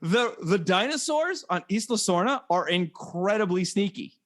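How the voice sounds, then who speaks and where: A man's voice: high-pitched, animated, normal speed, a bit bright. A man co-hosting a podcast, chatting casually and jokingly about a film, often mimicking lines from it. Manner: joking, quotes movie lines in mock voices. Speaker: podcast co-host. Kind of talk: casual chat about a movie.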